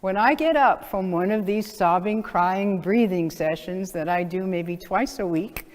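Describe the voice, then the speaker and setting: A woman's voice: mid-range voice, measured pace, a little mellow. A middle-aged woman chiropractor giving a seminar talk to practitioners, earnest and conversational, with many "you know" fillers. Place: seminar hall. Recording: long hall reverb.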